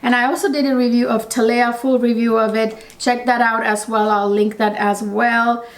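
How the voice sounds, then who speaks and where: A woman talks through her perfume collection in a casual vlog, chatty and gushing. Her voice sits a little high, and she keeps turning to address her viewers. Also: little pitch movement, normal speed. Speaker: fragrance reviewer.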